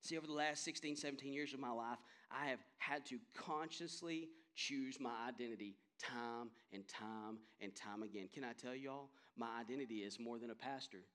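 A man's voice: mid-range voice, moderate pace, hardly any pauses, fairly bright tone. A man in his thirties, a pastor, preaching a sermon with impassioned emphasis that builds to strong peaks. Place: church sanctuary.

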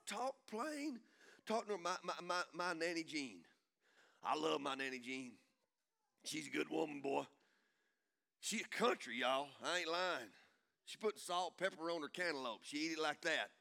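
High, bright-voiced preacher man. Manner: swings from hushed to shouting. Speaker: pastor. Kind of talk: sermon.

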